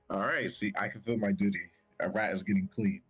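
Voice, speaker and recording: A man's voice: on the low side, moderate pace, fairly bright tone, slightly rough, no echo. A man playing a tabletop game, chatting casually and eagerly, laughing often. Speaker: player.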